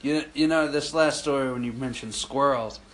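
A man's voice: mid-range voice, moderate pace. A man co-hosting a podcast, telling a profane story in a casual chat and laughing as he goes. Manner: profane, animated, laughs while telling stories. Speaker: podcast co-host.

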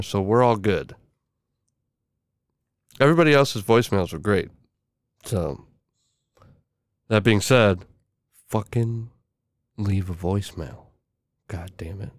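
A man's voice: on the low side, clear, resonant tone, no room sound, studio quality. A man hosting a podcast, delivering a crude, irreverent comedic monologue full of swearing. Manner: profane, irreverent, joking. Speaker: podcast host.

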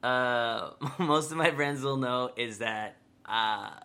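A man's voice: medium pitch, slow, pushed and bright. Brief: young male podcast co-host, casual storyteller, loose, swears freely, chuckles through stories. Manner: rambling, laughs often, swears casually.

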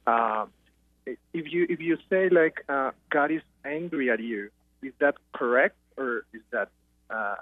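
A man's voice: medium pitch, unhurried, no room sound. A man calling in to a radio show, asking his question hesitantly with many fillers. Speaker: caller. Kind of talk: phone-in question. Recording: tinny phone line.

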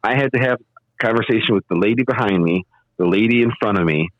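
A man with a fairly low voice spins rambling anecdotes in a casual chat, slipping into lively quoted voices. The audio is dull and lo-fi, with a dry, close sound. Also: fast, no room sound.

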